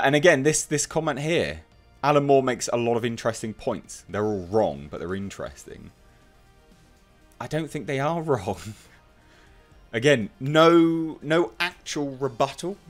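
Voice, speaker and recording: A man's voice: mid-range voice, sing-song, moderate pace, faint music behind. A man giving opinionated commentary, reading out online comments and mocking them with emphatic scorn. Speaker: commentary youtuber.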